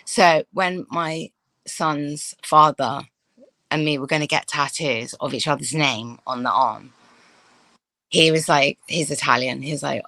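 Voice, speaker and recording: Bright-voiced chatty woman telling anecdotes. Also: deep voice, measured pace, no room sound, rough recording. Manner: chatty, anecdotal storytelling with asides. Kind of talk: casual group discussion.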